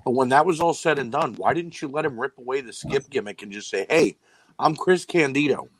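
A man's voice: medium pitch, expressive, fast talker, slightly rough, no echo, low-quality recording. A man co-hosting a wrestling podcast, arguing his points at length in casual chat. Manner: argumentative, lays out points at length. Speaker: podcast co-host.

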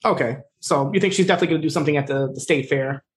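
A man co-hosting a podcast, casually retelling a TV episode with lots of "like" and quoted lines. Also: a little high. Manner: rapid, filler-heavy retelling, acting out quoted lines. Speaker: podcast co-host. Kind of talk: casual recap chat.

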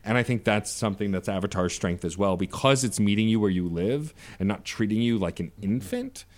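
A man with a fairly low voice speaks on a laid-back podcast. He thinks out loud, piles on fillers and restarts, and builds his points slowly. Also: expressive. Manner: thoughtful, rambling, lots of fillers. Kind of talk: casual chat.

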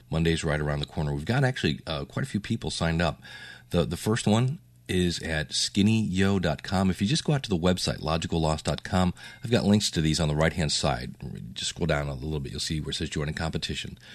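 A man hosting a casual solo podcast update with a low morning voice, rambling and chatty. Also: dry recording. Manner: rambling, chatty, with fillers and self-asides. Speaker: podcast host.

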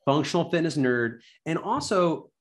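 A man telling his story as a podcast guest, animated and enthusiastic, self-deprecating, full of "like" and "right?". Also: on the high side, moderate pace. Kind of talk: casual storytelling interview.

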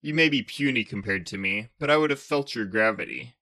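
A man narrator puts on a storybook villain: a huge, arrogant planet king who growls and snarls in a menacing, domineering way. His medium-pitched voice is fairly quick, bright and forceful, lightly acted.

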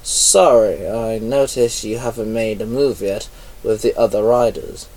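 A man voicing a sly, scheming man who explains his plans calmly, a little off mic. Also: fairly low pitch, a little slow. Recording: voice a bit far from mic.

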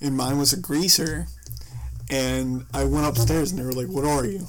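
A man's voice: medium pitch, moderate pace, fairly bright tone. A young man co-hosting a casual podcast, talking hesitantly with lots of fillers. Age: young adult. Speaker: podcast co-host.

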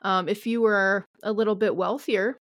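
A woman co-hosts a casual podcast conversation, hesitant and full of filler words, with some mild swearing. Her medium-pitched voice is steady and fairly bright at a moderate pace, in clean studio sound with no room noise.

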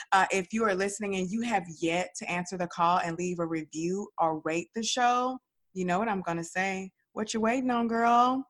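A woman's voice: on the low side, fairly bright tone. A woman with a Southern Dallas accent hosting a podcast, talking in an upbeat, chatty way. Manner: upbeat, chatty, lots of y'all and girl. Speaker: podcast host. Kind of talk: casual podcast chat.

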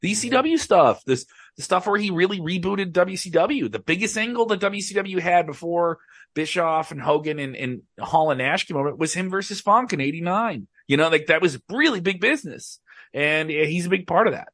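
A man's voice: high voice, animated, normal speed, fairly bright tone, no room sound. A man talking passionately and emphatically as a guest in casual podcast chat.

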